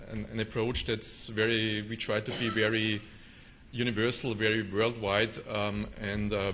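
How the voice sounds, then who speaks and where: A man's voice: on the low side, a bit bright, a little hiss or hum. A middle-aged man with a German accent giving a conference presentation, hesitant with many fillers and restarts. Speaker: conference speaker.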